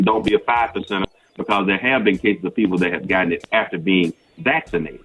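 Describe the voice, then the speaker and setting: A man giving health advice as a doctor guest on morning radio, measured and explanatory with some hesitations. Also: sits low, fairly bright tone, a little hiss or hum. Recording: dull lo-fi line.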